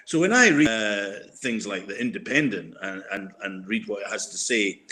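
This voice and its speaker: A man's voice: lowish voice, animated, moderate pace, sharp tone. An older man, a guest columnist, talking over a podcast in a hesitant way, full of fillers and restarts. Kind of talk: casual podcast discussion.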